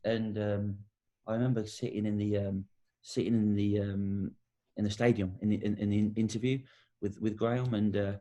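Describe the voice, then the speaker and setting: A man's voice: on the low side, little pitch movement, moderate pace, dark tone. A middle-aged man from England, a former footballer and guest, telling anecdotes in a casual interview and acting out the quotes. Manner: anecdotal storytelling, acts out quotes.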